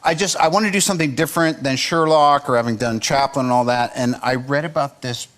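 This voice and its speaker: A male actor who is a guest on a talk show, talking in a relaxed, rambling way and dropping wry jokes. His voice sits at an ordinary middle pitch. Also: fairly quick.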